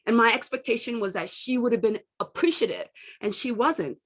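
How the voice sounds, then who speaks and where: A woman's voice: fairly high pitch, fairly quick, husky. Middle-aged woman coaching candidly. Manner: candid, storytelling, animated quoting. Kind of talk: self-help talk to camera.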